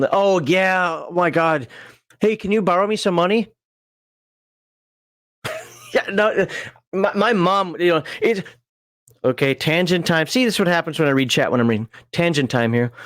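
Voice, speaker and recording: A man's voice: on the high side, dry recording, clean studio sound. A man casually reading game rules on a livestream, rambling with frequent chuckles and side tangents. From American Upper Midwest.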